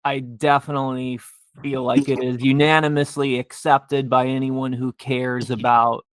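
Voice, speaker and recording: A man hosting a podcast interview, making measured and thoughtful remarks to his guest. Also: mid-range voice, level tone, clear, resonant tone, dry recording. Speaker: podcast host. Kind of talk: conversational interview.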